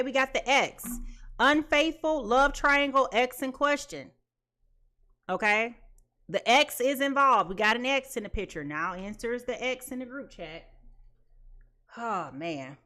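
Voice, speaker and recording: A woman gives a live tarot reading with a high, bright voice. She talks in a chatty way, laughs often and repeats her phrases. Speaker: tarot reader.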